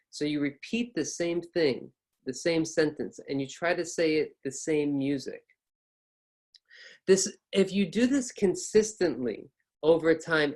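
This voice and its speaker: A man teaching a pronunciation lesson, exaggerating rises and falls in his voice to demonstrate, repeating points patiently and encouragingly. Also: fairly high pitch.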